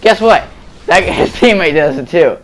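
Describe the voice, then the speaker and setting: A man's voice: a little high, expressive, normal speed, a little hiss or hum. A man giving casual, rambling voice-over commentary on gameplay footage, full of fillers and restarts, recorded at home.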